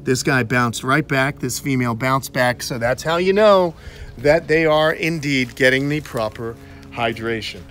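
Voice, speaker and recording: A man's voice: medium pitch, unhurried, fairly bright tone, slight background noise. A man with a New York accent, hosting and explaining animal care in a casual, upbeat way, full of fillers, from outdoors. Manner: chatty, upbeat, many fillers. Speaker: reptile keeper and channel host. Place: outdoors in a tortoise yard.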